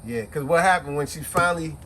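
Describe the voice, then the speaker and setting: A man's voice: a little high, fast, a little hiss or hum. A man reviewing a book in casual chat, retelling the plot with animation and acting out the quotes. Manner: animated storyteller who acts out the quotes.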